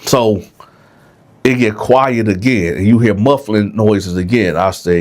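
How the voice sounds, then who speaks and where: A man's voice: fairly low pitch, unhurried. A man telling a jail story casually, often checking in with the listeners. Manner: conversational, frequent "right?", addresses listeners.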